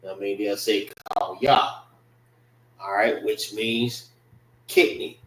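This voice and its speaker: A man teaching an informal language class, slow and repetitive, casual in his talk. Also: on the low side, steady tone, fairly bright tone, recorded from a distance. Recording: roomy, from off-mic.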